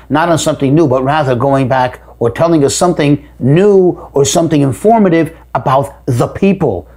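A man's voice: fairly high pitch, a little mellow. A man teaching a text study lesson, reading each phrase aloud and then explaining it, with repeated words and emphatic rises. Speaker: Torah teacher.

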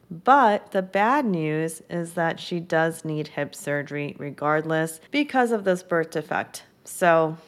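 A woman's voice: lowish voice, fairly bright tone. A woman hosting her own podcast, recapping a TV episode in a chatty, upbeat way and acting out the characters' lines as she goes. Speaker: podcast host. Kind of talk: casual solo podcast recap.

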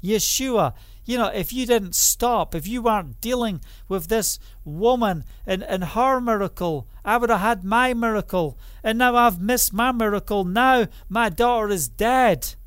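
A man's voice: sits high, measured pace, few pauses, a bit bright, smooth, no room sound, studio quality, pitched above the performer's own voice. A man acting out a desperate father who pleads, with anguish, for his dying daughter.

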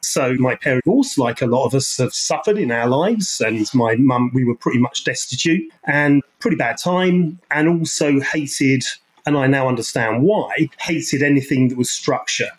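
A man's voice: mid-range voice, moderate pace, husky, poor audio. A man in his late fifties from London with a London English accent, a podcast guest telling his story in a rambling, self-correcting way over a video call. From London, England. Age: late 50s. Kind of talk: casual interview conversation.

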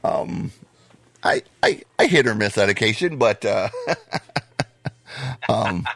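An American man hosting a podcast in casual, profane chat, his voice hoarse and wearing out. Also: fairly low pitch, lively intonation, slow, fairly bright tone, no echo. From United States. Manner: blunt, profane, laid-back. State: losing his voice. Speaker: podcast host.

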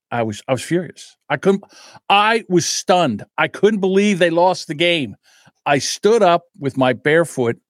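A man hosting a podcast, telling animated stories, swearing freely and laughing as he talks. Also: a little high, no room sound, studio quality. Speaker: podcast host. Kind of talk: casual storytelling and commentary.

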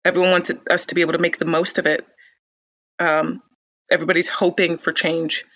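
A woman being interviewed in a casual conversation, telling stories with lively energy and frequent restarts. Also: fairly low pitch, brisk, rough recording. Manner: animated storyteller, frequent restarts. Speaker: interview guest.

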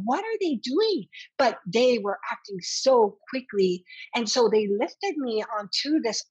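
A woman's voice: fairly high pitch, slightly rough, no room sound, lo-fi sound. Earnest woman telling a personal story. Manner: earnest, animated retelling with quoted dialogue. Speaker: interview guest.

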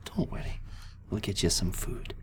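A man voicing a kindly woman knight who soothes a child in a soft, half-whispered voice. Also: fairly low pitch, lively intonation, normal speed, lightly acted. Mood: soothing.

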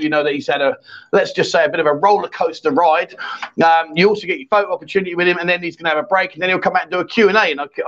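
Cheeky high-voiced man hosting a chat stream. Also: fairly bright tone. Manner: cheeky, laughing banter. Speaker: host. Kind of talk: casual live-stream chat reading viewer comments. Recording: dull lo-fi stream audio.

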